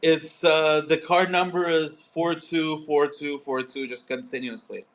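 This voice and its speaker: A man leads a live coding lesson, explaining each step plainly. His voice sits a little high for a man. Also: steady tone, measured pace, fairly bright tone, slight background noise. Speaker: coding instructor. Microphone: phone.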